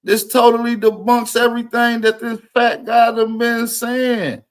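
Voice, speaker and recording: A man's voice: very high voice, level tone, measured pace. A man hosting a live reaction commentary, stopping clips and hammering his points by repeating key phrases.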